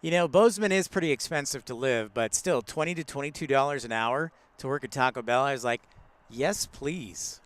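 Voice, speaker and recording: A man's voice: mid-range voice, a little fast. A man hosting a casual live stream from outdoors at a large airport, chatting with viewers, greeting them by name and laughing often. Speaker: live-stream host, plane spotter.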